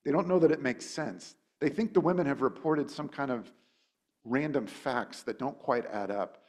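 Conversational male preacher, thinking aloud. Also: moderate pace. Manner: informal, thinks aloud with frequent "like" and restarts; acts out quotes with sudden high, animated voices. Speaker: pastor. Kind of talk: conversational sermon.

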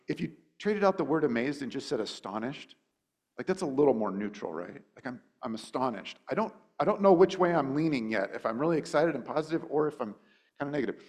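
Conversational male preacher, thinking aloud. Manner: informal, thinks aloud with frequent "like" and restarts; acts out quotes with sudden high, animated voices. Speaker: pastor. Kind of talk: conversational sermon.

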